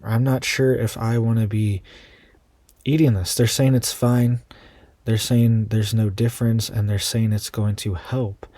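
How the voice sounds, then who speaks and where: A man's voice: fairly low pitch, mellow, no echo. A man hosting an online news commentary channel, reading out quoted reports and adding casual asides to his viewers.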